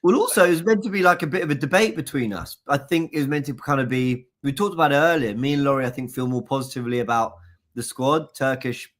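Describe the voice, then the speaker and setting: A man's voice: medium pitch, fast talker, a bit bright. A man hosting a casual live stream, chatty and self-mocking, talking into a laptop mic.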